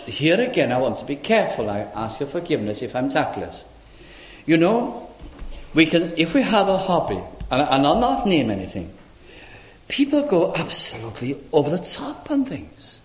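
An older man preaching a sermon in an earnest, pleading way, asking rhetorical questions and rising into sudden high exclamations. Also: reverberant. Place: church.

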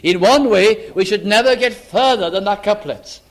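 An older man preaching an earnest sermon, asking his listeners searching questions and dropping to a hush on key lines. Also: sits high, normal speed.

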